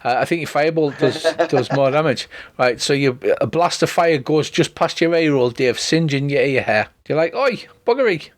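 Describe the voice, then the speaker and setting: A man narrating a tabletop game as its master, making quick, chatty rulings and laughing along. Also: a little high. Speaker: dungeon master.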